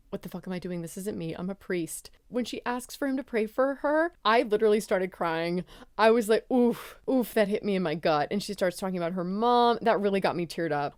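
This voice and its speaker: A woman giving a casual, expressive film review, swearing freely and gushing over scenes. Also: on the low side, no echo, studio quality. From ex-Catholic.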